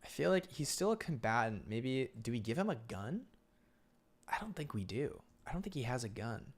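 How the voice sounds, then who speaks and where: A man chatting casually as he sketches on a live stream, relaxed and rambling, with lots of "like"s and filler words. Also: medium pitch, moderate pace. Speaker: illustrator streaming his sketching. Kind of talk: casual chat while drawing on stream.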